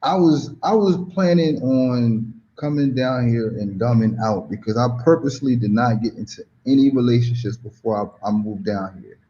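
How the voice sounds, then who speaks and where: A man from the United States, a guest telling a story in a casual, animated, slang-heavy way, often saying "you know what I mean.". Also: mid-range voice, moderate pace, few pauses, highs cut off, a little hiss or hum.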